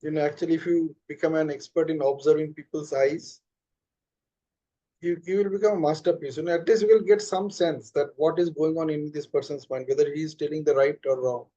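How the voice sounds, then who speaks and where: Male coach, quick, warm-toned, dull audio. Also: fairly high pitch, steady tone. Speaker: life coach host. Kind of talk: casual online group call.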